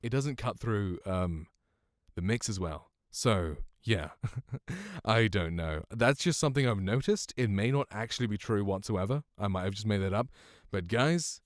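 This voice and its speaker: A man's voice: fairly low pitch, animated, a little slow, no echo, studio quality. Rambling young British man. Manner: rambling, self-deprecating, fillers like "like". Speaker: YouTube microphone reviewer. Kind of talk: casual talk to camera. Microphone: studio condenser mic, close.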